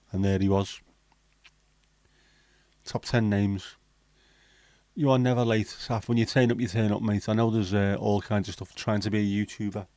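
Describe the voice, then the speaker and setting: A man with a lowish voice chats on his livestream, reading viewer comments aloud and swearing freely. The sound is dry and close. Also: a little mellow, no room sound. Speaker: livestream host. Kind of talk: casual livestream chat.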